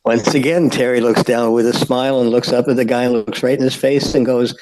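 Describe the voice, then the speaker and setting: A man's voice: mid-range voice, fairly even intonation, a little mellow, dry recording, poor audio. Older man telling stories, dry sound. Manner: halting, many fillers and restarts. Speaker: guest. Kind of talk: anecdotal storytelling.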